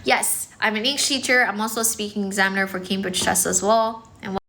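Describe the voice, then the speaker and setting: A woman English teacher hosting a casual livestream, chatting quickly with viewers and using lots of fillers. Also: medium pitch, fairly even intonation, vocal fry, pushed and bright, slight background noise. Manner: fast, chatty, many fillers, mixes in some Chinese. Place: indoors, in front of a decorated background. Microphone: phone.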